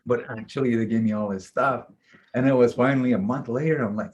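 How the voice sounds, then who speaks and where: A man, a shaman and mentor, casually telling a long personal story in a rambling, animated way, often acting out what he said. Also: mid-range voice, fairly quick, lo-fi sound. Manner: rambling, animated retelling with frequent "I'm like".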